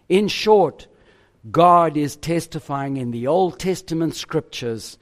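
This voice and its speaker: A man preaching a sermon in an emphatic, deliberate way, pausing on each phrase. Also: on the high side. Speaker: pastor.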